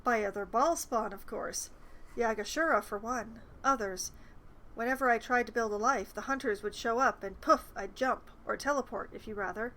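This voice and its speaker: A woman reading aloud the game dialogue of a weary, hunted half-sibling, in a measured, rueful way. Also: on the high side, bright, forceful tone, rough recording.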